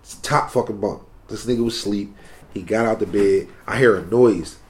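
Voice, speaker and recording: A young man telling stories in a casual, profane chat among friends, acting out the quotes loudly. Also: lowish voice, moderate pace.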